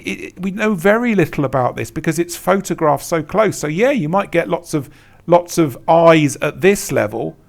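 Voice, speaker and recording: Gravelly man giving blunt tutorial commentary. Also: on the high side. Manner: blunt, emphatic, repeats words, laughs at bad examples. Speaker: Etsy consultant. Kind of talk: screen-share tutorial commentary.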